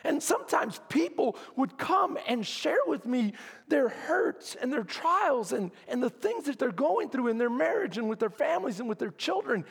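A pastor with a very high, gravelly voice preaches a sermon, jumping into the voices of the people he quotes and shouting at the high points. His words ring out with a long echo through a church hall. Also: moderate pace. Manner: animated preaching, acts out quoted complainers in a raised, shouting voice.

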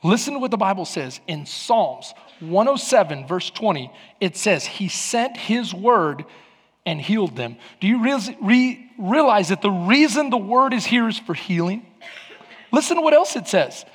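A man preaching a sermon as pastor, animated, swinging from loud emphatic bursts to low quiet passages. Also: normal speed, slightly rough. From Latin American heritage. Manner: animated, rises to near shouts then drops low. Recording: hall reverb.

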